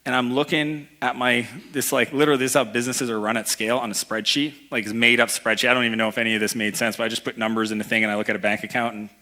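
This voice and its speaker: A man giving an energetic motivational talk to a live audience, telling personal stories and acting out the people in them. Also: medium pitch, very fast, hardly any pauses. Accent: Canadian. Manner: energetic storytelling, acts out voices in anecdotes. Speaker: keynote speaker. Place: event hall before a live audience.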